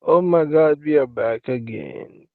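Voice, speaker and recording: A man hosting a casual live stream, rambling slowly and calling out to his viewers by name, on a tinny phone-like recording. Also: a little high, vocal fry, no room sound. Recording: tinny phone-like sound, dry.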